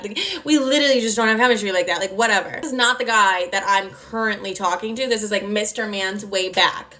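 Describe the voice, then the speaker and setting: A woman's voice: fairly high pitch, fairly bright tone. A young woman in her twenties telling a casual storytime vlog, brash and profane, filling her talk with "like". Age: 20s. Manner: brash, profane, chatty with lots of "like". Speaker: storytime creator.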